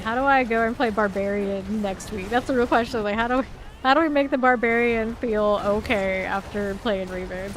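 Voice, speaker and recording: A woman's voice: medium pitch, a little hiss or hum. Chatty woman streaming a game. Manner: chatty, rambling, laughs often. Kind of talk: casual live-stream gaming chat.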